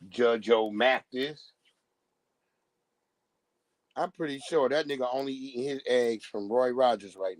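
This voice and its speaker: A man running a live-stream rant, loose, profane and mocking, with laughter breaking through often. His voice sits a little higher than most men's. The sound is dry and close, with no room ring. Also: a little mellow, no room sound. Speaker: livestream commentator.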